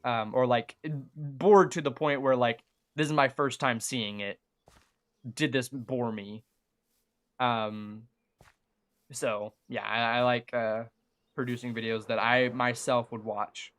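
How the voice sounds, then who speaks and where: Bright-voiced young man with a light Southern twang. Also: medium pitch, steady tone, slow. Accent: mild Southern American. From Southern United States. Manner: rambling, chatty, many fillers and restarts. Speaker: gaming livestreamer. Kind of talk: casual livestream chat while playing.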